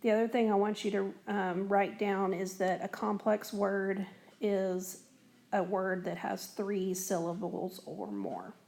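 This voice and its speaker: A woman's voice: medium pitch, flat delivery, takes it slowly, creaky, a little mellow. A woman teacher explaining a lesson on a recorded whiteboard in a patient, step-by-step way, with frequent fillers. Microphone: tablet recording.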